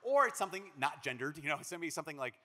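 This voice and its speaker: Priest from Minnesota giving a talk, animated storyteller, slightly high voice with a long hall echo. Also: male voice, very fast. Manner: animated storyteller acting out quotes. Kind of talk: conference talk. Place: large conference hall. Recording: long reverb of a big hall.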